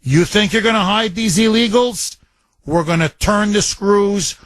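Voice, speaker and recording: High-voiced ranting talk radio host. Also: male voice, a little slow, fairly bright tone, no echo. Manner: ranting, indignant, emphatic. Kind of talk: political talk radio monologue.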